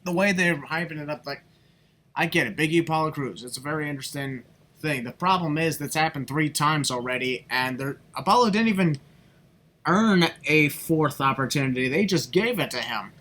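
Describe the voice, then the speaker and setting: A man's voice: a little high, normal speed, a bit bright. A man hosting a podcast in casual, joking, rambling chat. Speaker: podcast host.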